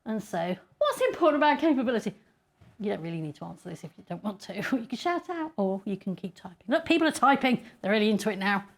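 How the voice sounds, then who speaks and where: A woman's voice: medium pitch, sing-song, fast, vocal fry, few pauses. A middle-aged woman giving a chatty, self-deprecating conference talk and laughing often. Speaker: conference speaker.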